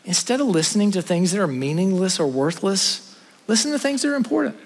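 Man pastor, slightly high voice, earnest sermon, long church reverb. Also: big pitch swings. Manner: earnest, preaching to a congregation, shifting between fast asides and slow emphasis. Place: church sanctuary.

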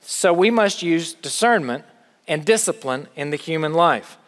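A middle-aged man preaches in a church, his fairly high voice carrying with a long hall reverb. He explains scripture earnestly and slips in small touches of dry humor. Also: animated, unhurried. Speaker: pastor. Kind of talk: sermon.

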